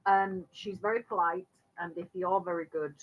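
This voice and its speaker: A woman playing a tabletop game, who gently describes what her character does, step by step. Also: lowish voice, steady tone, moderate pace, muffled recording. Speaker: player.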